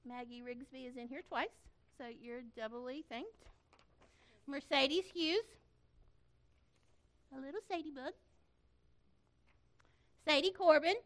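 A middle-aged woman speaking to a church gathering in an informal way, telling a story in an animated, folksy manner and earnestly thanking the volunteers. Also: sits high, slow pace, long pauses. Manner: animated storytelling, acting out quoted voices.

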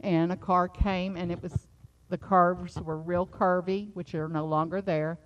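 A middle-aged woman preaching a sermon, moving from a quiet personal story into fervent, rising exhortation. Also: fairly low pitch, steady tone, unhurried. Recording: slightly dull lo-fi sound.

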